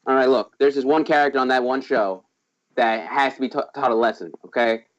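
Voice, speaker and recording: A man's voice: medium pitch, fairly even intonation, a little fast, dull audio. A man in casual chat, ranting emphatically with mock seriousness.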